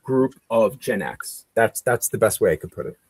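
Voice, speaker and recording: A man's voice: fairly low pitch, very animated, moderate pace, soft background music. A man in his forties chatting casually and rambling while painting, often cutting himself off and swearing. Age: 40s. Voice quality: gravelly.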